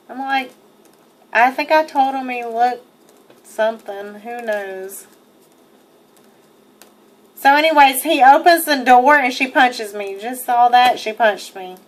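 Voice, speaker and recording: Slow and pausing often, a young woman with a voice on the high side talks over footage of her own arrest. She swears freely while giving an emphatic, indignant account of what happened to her.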